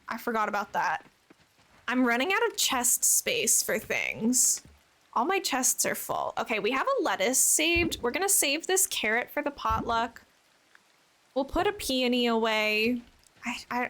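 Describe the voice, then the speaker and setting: Bubbly high-voiced young woman streamer. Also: a bit bright. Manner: bubbly, chatty, thanks and answers viewers. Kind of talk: casual live-stream chat while playing.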